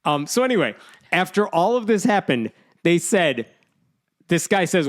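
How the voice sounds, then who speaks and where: A man's voice: high voice, moderate pace, long pauses. A man co-hosting a podcast, chatting casually and reading out quotes with sarcastic asides. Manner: animated, reads out quotes with sarcasm. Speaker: podcast co-host. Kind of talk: casual chat.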